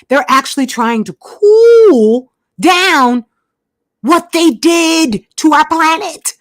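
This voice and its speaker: Host type: high, expressive woman; repeats for emphasis; dry close-mic sound. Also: slow pace, dry recording. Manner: emphatic, repeats herself, asides while searching screen. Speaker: channel host. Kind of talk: casual monologue to viewers.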